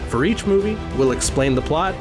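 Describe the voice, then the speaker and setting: A man's voice: a little high, animated, moderate pace. A man reading a scripted promo for his podcast in an upbeat, playful way. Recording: promo with music bed.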